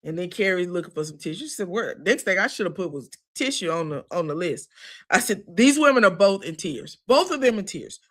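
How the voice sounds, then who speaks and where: A woman's voice: on the low side, big pitch swings, fairly quick. A woman giving a chatty, sassy recap of a reality show, full of asides. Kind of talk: casual recap commentary.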